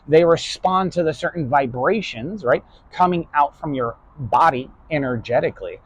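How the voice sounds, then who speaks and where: A man's voice: a little high, moderate pace, hardly any pauses. A man from New York giving a casual, blunt lecture to his online class, swearing freely and ending nearly every point with "right?". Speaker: online philosophy class host.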